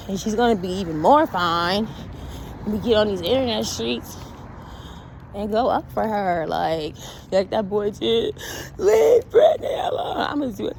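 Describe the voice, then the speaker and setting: A woman chatting casually on a walk outdoors, reacting to an interview with animated, blunt talk, laughter and swearing. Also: medium pitch, slight background noise, poor audio. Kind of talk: casual chat.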